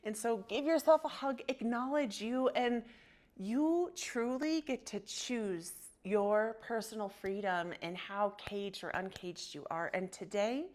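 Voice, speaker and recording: A woman in her thirties guides a yoga class at an unhurried, drawn-out pace. She sounds soothing, affectionate and playful, and lets out sighing breaths between cues. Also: medium pitch, darkish tone. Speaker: yoga instructor. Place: her home.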